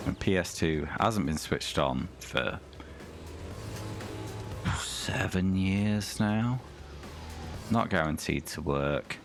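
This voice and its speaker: A man's voice: very deep voice, lively intonation, unhurried, creaky, hardly any pauses, music in the background. A man streaming a retro racing game, chatting casually with his viewers and reading things aloud with dry comments.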